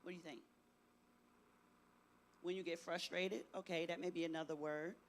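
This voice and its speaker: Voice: mid-range voice, flat delivery, moderate pace, a little hiss or hum. A middle-aged presenter giving an interactive talk to teenagers, often asking the audience questions and tagging sentences with "right?". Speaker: youth workshop presenter.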